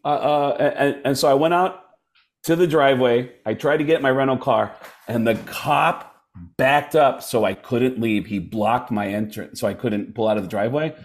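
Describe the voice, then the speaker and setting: A middle-aged man, a stand-up comedian, speaks at medium pitch and a normal speed. He's in a casual chat telling stories and animatedly acting out the voices of the people in them.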